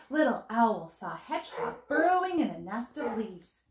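Animated high-voiced woman reading to children. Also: normal speed, hardly any pauses. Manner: animated, gasps, asks listeners questions. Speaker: teacher reading aloud. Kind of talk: picture-book read-aloud for children. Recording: echoey room.

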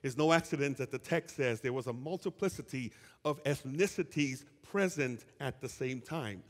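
A male pastor preaching a sermon to his congregation, reading scripture and asking the listeners to call out answers, with casual asides between verses. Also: mid-range voice. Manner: animated preaching with call-and-response questions to the congregation; conversational asides and quick restarts while reading scripture. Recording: long reverb of a church hall.

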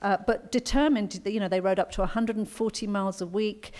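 A woman's voice: medium pitch, fairly even intonation, quick pace, a little mellow. A middle-aged woman with an English accent, an author speaking at a conference luncheon in a chatty, anecdotal storytelling manner. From England.

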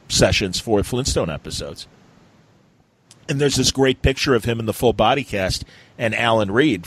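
A man co-hosting a comics podcast, chatting casually and telling stories with quick voice impressions. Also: fairly low pitch, low-quality recording. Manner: animated storyteller who slips into quick impressions. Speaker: podcast co-host. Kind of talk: casual chat.

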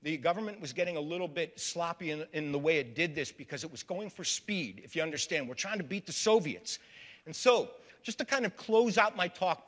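A man's voice: high-pitched, a bit bright. A man giving a public history lecture to a live audience, storytelling and calling them folks. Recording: long reverb of a large hall.

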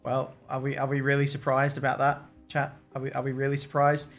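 A man's voice: mid-range voice, completely flat delivery, brisk, a bit bright, faint music behind. A man streaming a racing management game, joking, swearing and talking to his chat. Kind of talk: casual gameplay commentary.

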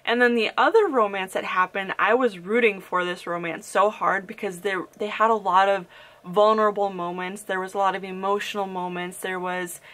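A young woman giving a casual, opinionated book review on her vlog, talking in an animated way with frequent "like" fillers. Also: a little high. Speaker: book vlogger.

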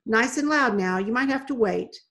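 A woman's voice: a little high, moderate pace, a bit bright. Woman doing a growly ancient garden guy, grumbly and bent over, storybook voice. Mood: gruff. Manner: gruff, growling.

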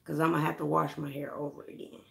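A woman's voice: deep voice, little pitch movement, quick pace, vocal fry, a bit bright. A woman vlogger ranting to her viewers with lots of profanity, frustrated and calling out to friends by name. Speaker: hair care vlogger. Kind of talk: casual vlog rant to viewers.

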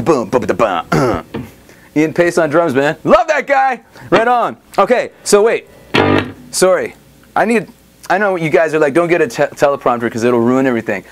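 A middle-aged man hosting a guitar demo, chatting casually in a loose, joking way with rambling asides and laughter. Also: fairly high pitch. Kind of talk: casual chat demonstrating a guitar.

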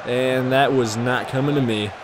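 A man giving casual, jokey commentary while playing a football video game, often shouting at the action. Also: mid-range voice, fairly even intonation, normal speed, noisy background. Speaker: gaming commentator.

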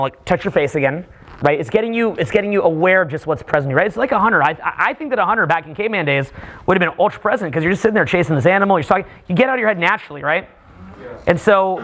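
A man coaching a live seminar through a group meditation, loose and joking, swearing often and full of filler words. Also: high voice. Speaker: dating coach leading a seminar. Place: seminar room in California, audience present. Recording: live seminar recording, loud crowd.

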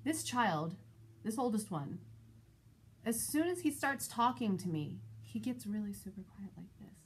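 A woman vlogger and mother telling a personal story in a casual, animated, exasperated way. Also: unhurried, breathy edge. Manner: animated, exasperated retelling with shifting pitch. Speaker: parent of school-age kids.

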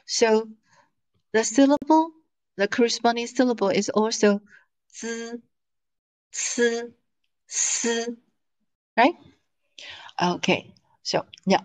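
A woman's voice: medium pitch, takes it slowly, poor audio. A woman teaching an online lesson in English, patient, stretching out syllables as she models them over a video call. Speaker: Mandarin teacher.

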